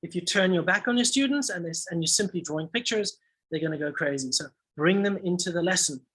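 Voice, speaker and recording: Bright-voiced man explaining a lesson plan. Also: sits high, fast, husky, rough recording. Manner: lively, walks through the steps with frequent "okay" and "all right". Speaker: English teacher trainer. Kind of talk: teaching tutorial.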